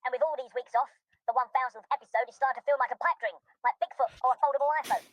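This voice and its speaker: A woman's voice: high voice, fairly even intonation, rapid-fire, a bit bright, no echo. A woman voicing a grumpy, complaining listener persona in a recorded audio message, with a sarcastic ranting manner.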